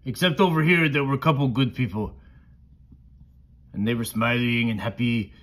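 A man's voice: mid-range voice, steady tone, moderate pace, a bit bright, close to an everyday voice. A man voicing a friendly male monster puppet who tells a Bible story to a child in broken, simple grammar. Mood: playful.

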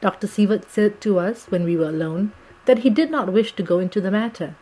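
A woman reads a classic novel aloud as an audiobook narrator. Her voice sits in a middle register, and her storytelling stays measured and steady. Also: medium pitch, low-quality recording.

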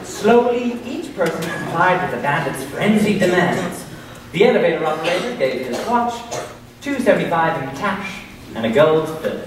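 A man's voice: fairly high pitch, big pitch swings, normal speed, a crowd in the background. A young man narrating a comic stage sketch in a hammy way, correcting himself as he goes. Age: young adult. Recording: echoey hall, distant mic, noisy.

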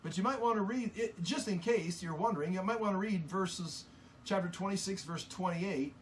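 A man teaching from the Bible in an earnest, impassioned sermon, often halting and restarting mid-sentence. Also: sits high, slight background noise.

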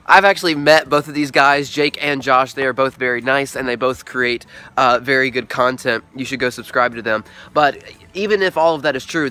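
A man's voice: mid-range voice, moderate pace, bright, forceful tone, clear, resonant tone. A young man vlogging casually and goofily while recovering from being sick, joking at his own expense. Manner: goofy, playful, self-mocking. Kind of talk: casual vlog.

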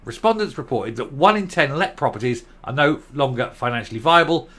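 A man's voice: mid-range voice, animated, fairly quick, fairly bright tone. A man giving ranting commentary, blunt, sarcastic and combative.

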